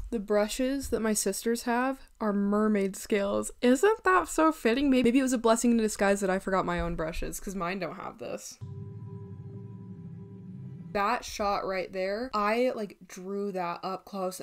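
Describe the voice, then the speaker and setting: A young woman chatting casually while doing her makeup, animated and giggly as she reacts to a documentary. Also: mid-range voice, normal speed. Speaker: vlogger.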